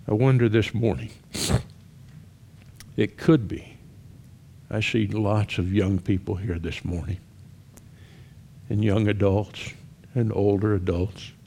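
A man preaching a sermon, telling a story with shouted cries and then dropping to hushed, earnest appeals. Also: on the low side, takes it slowly, pauses often.

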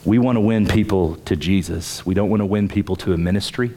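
A pastor preaches emphatically, his pitch climbing on key points as he repeats words at the start of phrases. The delivery is brisk and mellow, with a little hiss or hum in the audio.

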